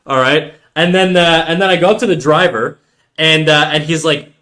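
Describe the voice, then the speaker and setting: A man live streaming, telling a story to his chat in a casual, animated and profane way. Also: on the high side, moderate pace.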